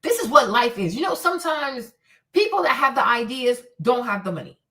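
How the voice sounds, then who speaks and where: A woman hosting a livestream, giving blunt, profane, animated commentary. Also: high voice, a little fast, distant mic. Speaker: host.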